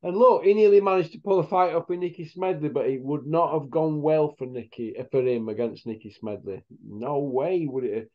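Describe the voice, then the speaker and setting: A man's voice: a little high, a little fast, hardly any pauses. Rambling man, lo-fi. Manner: rambling storyteller, blunt northern English slang. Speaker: host. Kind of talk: casual chat. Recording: dull lo-fi sound.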